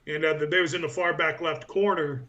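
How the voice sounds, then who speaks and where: Bright-voiced man telling stories. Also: on the high side, fairly even intonation, moderate pace, highs cut off. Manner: rambling anecdotes with many fillers. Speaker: interview guest, powerlifter. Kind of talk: casual storytelling interview.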